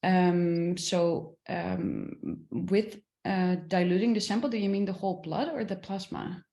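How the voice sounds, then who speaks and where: Gravelly-voiced woman answering questions. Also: lowish voice, steady tone, unhurried, mellow, roomy sound. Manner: careful, many fillers. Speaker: presenting researcher. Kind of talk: answering questions in a panel discussion.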